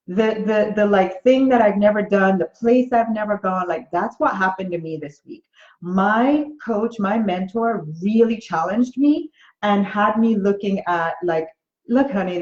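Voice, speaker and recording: Woman coach chatting warmly-earnest about mindset, mid pitch, echoey room, bit muffled. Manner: earnest, encouraging, conversational. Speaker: life coach. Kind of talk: motivational talk to camera. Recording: roomy, slightly dull recording.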